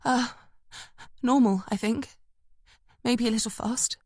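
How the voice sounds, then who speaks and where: A woman's voice: fairly high pitch, steady tone, slow pace, a little mellow, breathy edge, no room sound, studio quality, voice pushed up, full character voice. A woman narrator voicing a woman police detective, speaking in urgent, breathless, clipped bursts.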